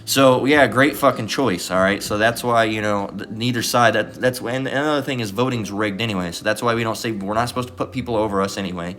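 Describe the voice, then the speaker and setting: Low-voiced man in a profane, rambling sermon. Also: a little fast, hardly any pauses, fairly bright tone. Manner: profane, digressive, constant "all right?" tags. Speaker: self-styled bible teacher. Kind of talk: rambling casual scripture commentary.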